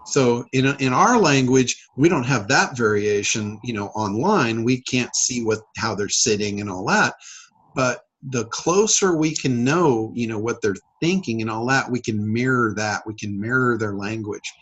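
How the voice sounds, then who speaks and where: A man's voice: mid-range voice, measured pace, a bit bright, breathy edge, poor audio. A man hosting a casual coaching call, talking in a rambling way with many fillers and restarts. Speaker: public speaker and sales trainer.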